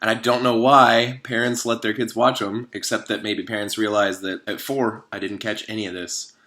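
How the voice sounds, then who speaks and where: A man giving a casual, comedic commentary on a movie, animated and sarcastic, rambling with many fillers. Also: on the low side, normal speed. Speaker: video host.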